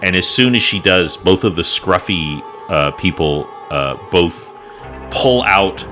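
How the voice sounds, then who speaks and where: Deep, slow, bright-toned male dungeon master, casual and rambling, faint music under. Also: animated. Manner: rambling, filler-laden narration. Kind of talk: narrating a tabletop game.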